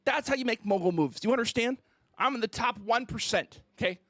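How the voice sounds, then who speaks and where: A man's voice: very high voice, fairly quick, a bit bright. A man streamer ranting on a casual livestream, mock-indignant and theatrical, who keeps asking "okay?".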